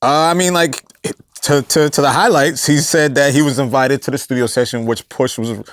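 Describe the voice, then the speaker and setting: An emphatic man co-hosts a casual panel discussion, defending his points with repeated words at a plain mid pitch. The sound is close and dry. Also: fairly even intonation, moderate pace, dry recording. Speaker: co-host.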